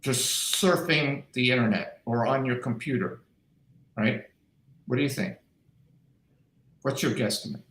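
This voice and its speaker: A middle-aged man hosting a podcast, telling stories in a casual, animated and emphatic way. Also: mid-range voice, a little slow, long pauses. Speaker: podcast host, doctor. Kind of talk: casual chat, storytelling. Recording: echoey room.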